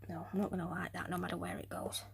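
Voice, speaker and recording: A woman chatting casually through a hobby build of a tarantula enclosure, rambling and often dropping to quiet muttering and whispers as she works. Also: fairly low pitch, level tone, quick pace, creaky, slightly rough. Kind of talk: casual crafting vlog narration.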